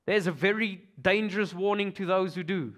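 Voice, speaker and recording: A pastor with an Afrikaans South African accent preaching a sermon, swinging from loud urgent calls to hushed, near-whispered passages. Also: male voice, sits high, normal speed.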